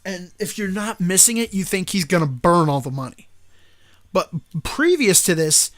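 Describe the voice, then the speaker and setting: High-voiced man, animated storyteller. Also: normal speed. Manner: animated, acts out quoted lines. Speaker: podcast co-host. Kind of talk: casual chat, retelling a movie scene.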